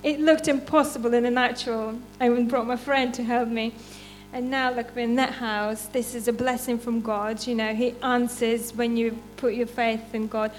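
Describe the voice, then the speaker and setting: Woman, church testimony, casual and unpolished, laughs a lot, slightly high voice. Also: little pitch movement, moderate pace, few pauses, a little hiss or hum. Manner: chatty and unpolished, laughs often. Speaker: church member giving testimony. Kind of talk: informal testimony with scripture reading.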